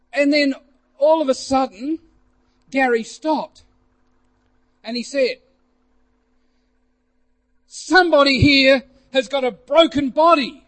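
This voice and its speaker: High-voiced man telling a testimony. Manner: animated, rising to loud exclamations, many fillers. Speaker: preacher. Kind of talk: storytelling testimony.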